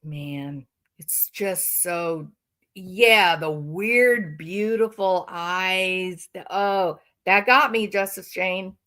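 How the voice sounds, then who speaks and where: A woman's voice: on the low side, fairly bright tone. A woman hosting a livestream, giving emphatic, sarcastic reaction commentary. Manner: emphatic and sarcastic, drawn-out phrasing. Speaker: livestream host.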